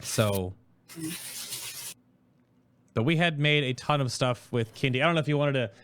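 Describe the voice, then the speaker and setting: A man hosting his stream, talking casually and quickly about a project, rambling through explanations. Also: medium pitch, fairly bright tone, slight background noise. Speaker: host.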